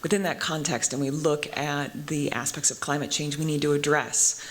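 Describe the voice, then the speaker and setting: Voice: medium pitch, fairly even intonation, normal speed, a bit bright, slight background noise. A panel moderator asking long, winding questions at a conference.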